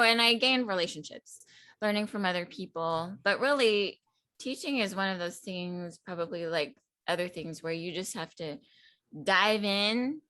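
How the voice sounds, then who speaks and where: A woman teacher and coach talking in a relaxed chat, reflective and quick to laugh. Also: fairly low pitch, no echo. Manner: reflective, laughs often, leans on "I feel like" and "right?". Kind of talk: casual chat.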